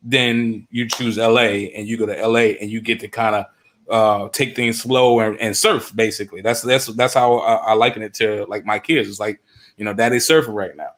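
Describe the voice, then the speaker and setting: A man from the US East Coast, chatting as a roundtable guest, halting and searching for words with many fillers. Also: on the low side, fairly even intonation, fairly bright tone. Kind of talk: casual chat.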